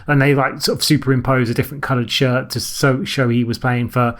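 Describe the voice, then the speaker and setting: A man co-hosting a film podcast, talking at length in a quick, explaining way. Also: mid-range voice, level tone. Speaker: podcast co-host. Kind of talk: casual film chat.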